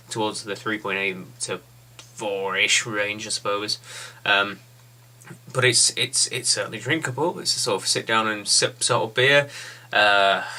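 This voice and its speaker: A man's voice: fairly low pitch, pushed and bright. A man giving a casual, blunt and rambling beer review.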